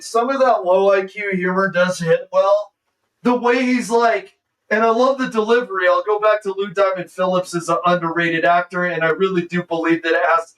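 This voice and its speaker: A man with a high voice chats excitedly as he reacts to a movie on stream, throwing "dude" into almost every sentence. He sits a little back from the microphone, so his voice sounds slightly distant. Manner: excitable, says "dude" constantly. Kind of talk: casual movie reaction commentary.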